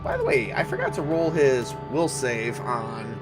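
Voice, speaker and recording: Guy running a solo tabletop game, thinking out loud, faint music under it. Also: medium pitch, wildly swooping pitch, unhurried, hardly any pauses. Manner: musing, thinking aloud with fillers. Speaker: solo game master and player. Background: faint background music.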